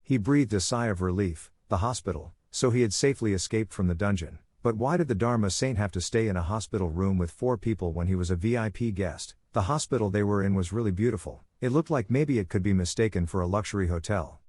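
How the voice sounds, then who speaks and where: A man with a somewhat low voice narrates a comic story recap. He reads his script at a steady, even pace. The sound is dry and close, with no room around it. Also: brisk, few pauses, no room sound.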